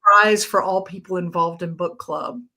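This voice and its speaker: A woman's voice: on the low side, steady tone, sharp tone. Chatty woman telling a story. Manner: chatty storyteller, quotes people in quick asides. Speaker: co-host. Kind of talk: casual chat.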